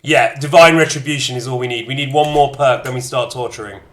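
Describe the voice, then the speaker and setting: A man's voice: mid-range voice, brisk. A man streaming a strategy game, chatting casually and reacting in short bursts to chat and menus. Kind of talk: casual gameplay commentary.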